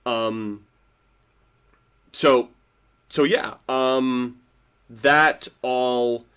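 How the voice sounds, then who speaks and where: A man giving a casual reaction review of a TV episode, rambling with lots of "like" fillers and restarts, swinging between excited and quiet. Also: medium pitch, very slow, clean tone. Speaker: TV show reviewer.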